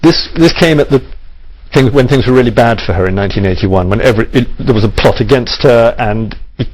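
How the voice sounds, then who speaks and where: A man of middling pitch answers interview questions animatedly. He often restarts his words as he goes. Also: fairly quick, a little mellow, low-quality recording.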